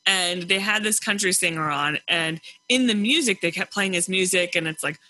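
A woman's voice: fairly low pitch, normal speed, sharp tone, low-quality recording. A woman co-hosting a casual podcast chat, chatty and given to storytelling. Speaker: podcast co-host who picks the album.

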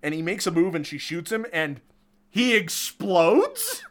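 A man with a slightly higher pitch for his sex talks through a movie's plot in relaxed podcast chat. He is chatty and amused, breaking into laughs. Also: fairly quick. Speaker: podcast co-host recapping a film. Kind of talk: casual chat.

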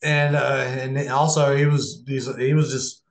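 A man's voice: medium pitch, flat delivery, unhurried. A man, a professional wrestler, telling stories in a casual interview, rambling with many restarts. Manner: rambling, restarts, acts out quotes. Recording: echoey room.

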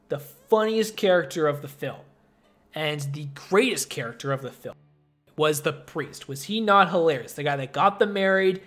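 A man co-hosting a casual film review chat, animated and laughing often. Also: on the high side. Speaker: podcast co-host.

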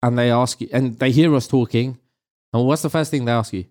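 A man's voice: medium pitch, a little fast, a little mellow. A middle-aged man from England hosts a podcast in a loose, casual chat. He argues his points and keeps firing pointed questions back at the others. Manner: argumentative, asks pointed questions. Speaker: podcast host.

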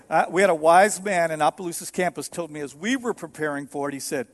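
Joking pastor, higher voice. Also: male voice, quick pace, few pauses. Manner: joking, playful preaching. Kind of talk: sermon. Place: church.

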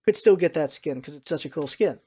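A mid-pitched speaker talks in casual podcast chat, quick and opinionated. They hammer points home by repeating them. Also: warm tone, breathy edge.

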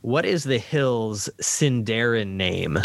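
A man's voice: mid-range voice, lively intonation, slow, gravelly, no echo. A man co-hosting a podcast and reading out trivia questions in casual, easygoing chat, with fillers and frequent laughs. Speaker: podcast co-host, quizmaster.

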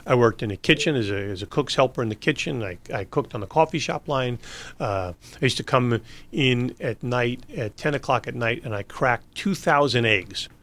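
A man in a relaxed conversation, spinning long anecdotes with plenty of restarts and chuckles. His voice sits at an ordinary middle pitch. He talks freely and at length, one story leading into the next. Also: normal speed. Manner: rambling anecdotes with laughs and restarts. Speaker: interview guest. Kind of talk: casual storytelling.

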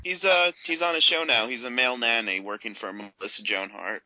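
A man's voice: mid-range voice, fairly even intonation, no echo, dull audio. Wisecracking podcast co-host man. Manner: quick joking interjections. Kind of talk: casual chat.

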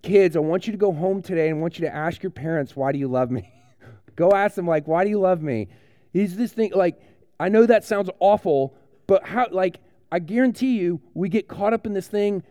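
A man's voice: high-pitched, moderate pace, dark tone, no echo, clean studio sound. A man, a pastor giving a playful, joking children's sermon in a conversational way.

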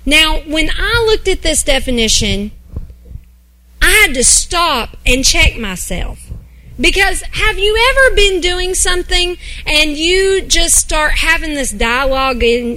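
A woman's voice: high voice, animated, a little slow, pushed and bright, poor audio. A woman pastor preaching a sermon at a church service, emphatic and playful, sometimes acting out grumbling voices.

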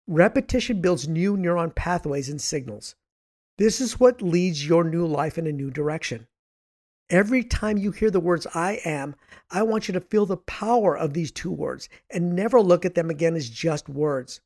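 Hoarse, raspy man, slightly high voice. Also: darkish tone. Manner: earnest, repetitive, emphatic. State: hoarse from much speaking. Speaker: podcast host and author. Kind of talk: scripted motivational monologue.

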